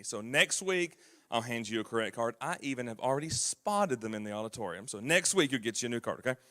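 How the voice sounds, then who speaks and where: A man's voice: mid-range voice, a bit bright. A man with a Southern US accent, a Bible class teacher patiently quizzing and prompting children during a church service. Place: church auditorium.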